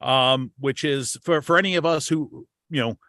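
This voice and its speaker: A man's voice: mid-range voice, moderate pace, bright, forceful tone, no room sound, studio quality. An American man hosting a casual podcast chat, rambling and repeating words as he starts his thoughts. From United States. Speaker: podcast host.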